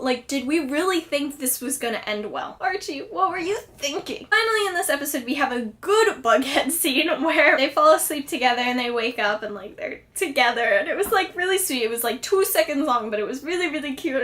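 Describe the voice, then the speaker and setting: Woman vlogger, high voice, excitable chatty episode recap, heavy filler words. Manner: chatty, excitable, lots of "like" and "friggin'". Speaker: TV episode reviewer. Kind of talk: casual vlog recap.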